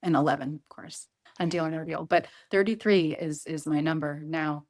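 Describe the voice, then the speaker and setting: A woman's voice: low-pitched, steady tone, moderate pace, darkish tone. A middle-aged woman speaking earnestly as an interview guest, often repeating herself and quoting her own thoughts. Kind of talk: emotional interview conversation.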